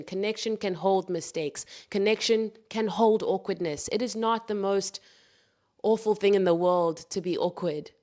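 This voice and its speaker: A woman hosting a reflective spoken monologue, earnest and heartfelt, calling her listeners darlings and loves. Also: fairly low pitch. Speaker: podcast host.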